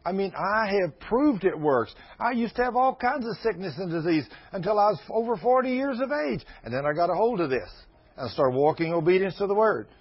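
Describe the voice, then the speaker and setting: A man's voice: sits high, lively intonation, fairly quick, husky. A man in his sixties preaching to a congregation, folksy and emphatic, slipping into fervent prayer. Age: 60s. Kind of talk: sermon. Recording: dull lo-fi recording.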